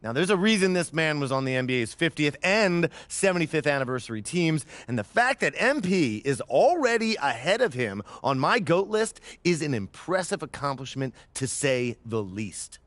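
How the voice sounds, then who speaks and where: A man's voice: fairly high pitch, big pitch swings, moderate pace, hardly any pauses, a bit bright, no room sound. A man narrating a scripted basketball ranking, talking players up with emphatic, hype-filled delivery. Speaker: basketball commentator.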